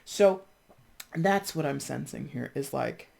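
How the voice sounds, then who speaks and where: A tarot reader talks straight to the camera in a loose, conversational reading. The speech is full of "like" and "you know", with restarts and quick voiced asides that mimic other people's reactions. The pitch sits in a middle range for the voice. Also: lively intonation, gravelly, a little mellow. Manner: chatty, acts out other people's reactions in quotes; thinks aloud with frequent fillers and restarts.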